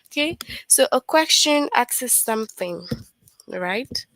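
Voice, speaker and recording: A woman's voice: fairly high pitch, expressive, slow pace, a bit bright, no echo, rough recording. A woman teaching an online grammar lesson to young children, patient and repetitive, often checking in with questions.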